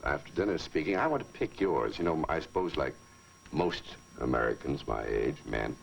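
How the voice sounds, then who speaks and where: A man's voice: rumbling low, expressive, moderate pace, vocal fry, a little hiss or hum, poor audio. A man with a New England accent, chatting in a wry, self-deprecating way on a 1950s TV broadcast. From South Africa. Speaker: guest on a boxing telecast. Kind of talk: 1950s TV chat.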